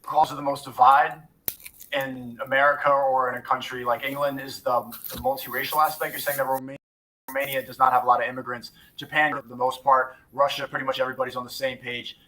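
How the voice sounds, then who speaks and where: A man with a bright, forceful voice talks fast on a podcast. He poses inquisitive questions and quick opinions. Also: mid-range voice, level tone, rough recording. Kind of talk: casual chat.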